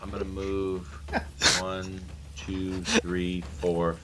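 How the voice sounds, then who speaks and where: A man's voice: deep voice, completely flat delivery, very slow, sharp tone, rough recording. A man playing in a tabletop game. He speaks hesitantly and asks questions about the rules. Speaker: player. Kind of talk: casual tabletop chat.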